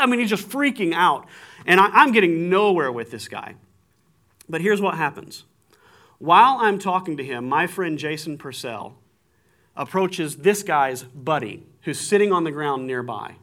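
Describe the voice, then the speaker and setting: A man preaching a sermon, telling stories with animated swings in voice. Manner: animated storytelling, acts out shouting with big jumps in pitch. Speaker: pastor.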